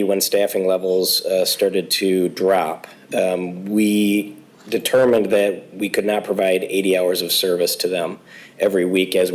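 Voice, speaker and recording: Hoarse police chief, low voice. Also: male voice, low-quality recording. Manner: halting, many fillers. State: losing his voice. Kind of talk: report to a township board. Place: township board meeting room.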